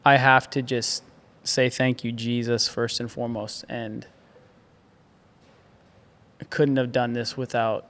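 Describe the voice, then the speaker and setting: A man sharing his founding story in an interview, earnest and grateful, animated when he tells stories. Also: medium pitch, slow, long pauses, big-room sound. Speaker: agency founder, guest. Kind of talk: casual conversational interview.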